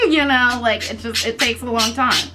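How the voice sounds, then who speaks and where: A young woman from the United States, casually telling a storytime vlog in an animated, chatty way and swearing freely. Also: on the high side, a little slow. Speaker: vlogger.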